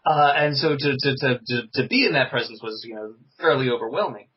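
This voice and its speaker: A man in casual podcast chat, speaking haltingly with many fillers and repeated words. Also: mid-range voice, slightly rough, lo-fi sound. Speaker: podcast guest, convention interviewer.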